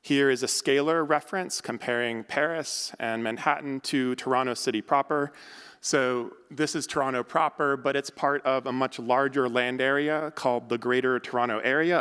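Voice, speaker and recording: Fast-talking American man lecturing in a hall. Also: medium pitch, fairly bright tone, clean tone. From United States. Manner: quick, loose delivery with frequent ums and uhs. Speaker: architect and academic lecturer. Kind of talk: conference lecture.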